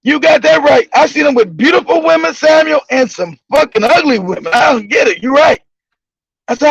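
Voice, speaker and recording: A man's voice: very high-pitched, animated, fast, dry recording. A male show host telling stories casually, profane and mocking, laughing often. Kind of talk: casual comedic storytelling. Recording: dull lo-fi recording.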